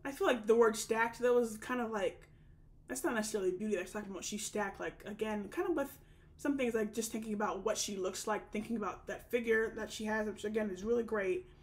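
Young woman vlogger, casual rambling recap, lots of "like", average pitch. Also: brisk. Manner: chatty, lots of "like" and "um", frequent restarts. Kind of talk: casual reality TV recap chat.

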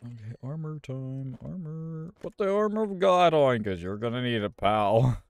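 Male gamer commentating his own play, profane and exasperated, taunting the enemies; very lively pitch, dry close mic. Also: normal speed, hardly any pauses, clean tone, dry recording. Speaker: gaming YouTuber. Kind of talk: gameplay commentary.

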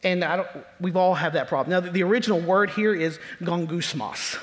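A man preaching a sermon as pastor, leaning hard on key words and slowing down to stress them, sometimes dropping into a low mutter to mimic complainers. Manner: emphatic preaching with slow drawn-out stresses. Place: church sanctuary. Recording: long church hall reverb.

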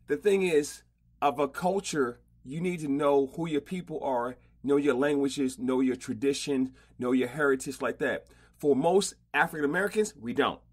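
A man hosting a casual podcast interview, slangy and animated, often repeating himself. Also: medium pitch, moderate pace, breathy edge. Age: older. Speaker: podcast host.

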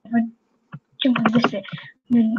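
A woman hosting a gaming channel, chattering excitedly to her fellow players as she plays. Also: fairly high pitch, moderate pace, background noise. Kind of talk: casual gameplay commentary. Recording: dull lo-fi home recording.

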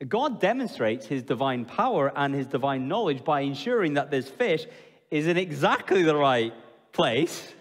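Man, preacher, sermon, high voice, expressive, asks questions, long church reverb. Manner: expressive, questions the congregation, drops low and slow for emphasis. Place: church hall.

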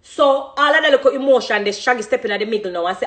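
Speaking fast with a fairly high pitch and fairly bright tone, a woman in her thirties, a Jamaican dancehall artist, pours out emotional, spontaneous words about her career. She is passionate and emphatic, and full of gratitude.

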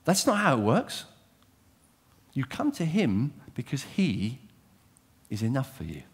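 A preacher speaks unhurriedly in a medium-pitched, slightly rough voice. Animated and direct, he asks his listeners questions and veers from loud emphasis to quiet intensity.

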